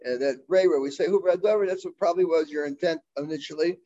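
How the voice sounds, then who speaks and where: Guy with a high voice teaching talmud, lots of uhs and restarts, kinda muffled sound. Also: mellow. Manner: halting, full of fillers and restarts, mixing Hebrew and Aramaic terms. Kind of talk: Talmud class lecture.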